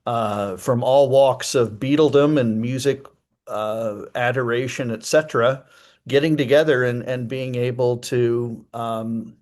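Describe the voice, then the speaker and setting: A man's voice: medium pitch, fairly even intonation, a little slow, darkish tone. Guy author on a chat show, mid voice, thoughtful, lots of ums and restarts. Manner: thoughtful, many fillers. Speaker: author and guest. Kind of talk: casual interview chat.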